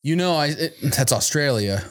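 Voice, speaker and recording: A man's voice: on the high side, lively intonation, normal speed. A man co-hosting a casual podcast who jokes around, laughs through his lines and reads out holiday legends. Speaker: podcast co-host.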